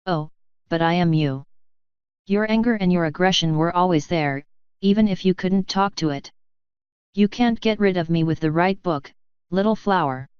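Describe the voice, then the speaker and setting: Woman reader as a honeyed, condescending monster mare, low and very clear voice, storybook reading. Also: moderate pace, no room sound, dull audio, natural voice. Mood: taunting. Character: sinister fanged female pony doppelganger, mocking.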